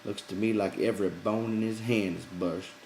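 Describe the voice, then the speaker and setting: A man voicing a calm, respected ranch hand who speaks plainly and steadily. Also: fairly low pitch, normal speed, a little hiss or hum, natural voice, poor audio. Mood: steady.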